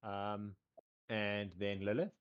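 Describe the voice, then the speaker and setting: A man running a tabletop game as game master, narrating casually and often pausing on "um" and a repeated "cool". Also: fairly low pitch, flat delivery, clean tone, highs cut off. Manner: rambling, full of "um" and repeated "cool".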